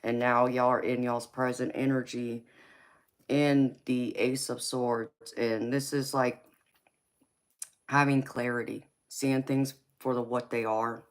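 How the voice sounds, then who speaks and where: A woman's voice: extremely low pitch, flat delivery, takes it slowly. A woman with a Southern US accent giving a casual live-stream tarot reading, greeting viewers with endearments and rambling with frequent fillers. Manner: affectionate, greets viewers with endearments like baby and honey; chatty and rambling, with frequent ums and you-knows.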